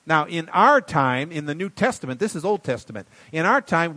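A man preaching a sermon in a folksy way, swinging from quiet asides to loud emphatic bursts. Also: fairly high pitch, sing-song, normal speed, few pauses, dry recording. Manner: folksy, calls listeners buddy and darling. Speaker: pastor.

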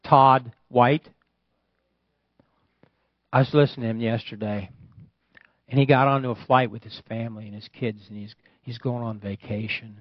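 Older male preacher, lively storytelling sermon, flat dull dry sound. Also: medium pitch, normal speed, long pauses, no room sound. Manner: storytelling preacher, swings from hushed to loud exclamations. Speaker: pastor.

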